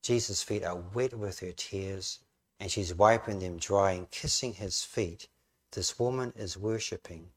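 A man's voice: deep voice, unhurried. A man preaching a sermon, telling the story vividly and rising to emphatic questions. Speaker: pastor.

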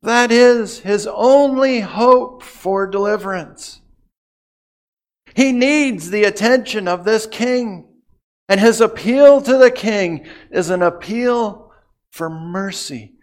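Preacher man, high voice, slow and dramatic. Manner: dramatic swings from hushed to emphatic; measured delivery with long pauses. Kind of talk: expository sermon.

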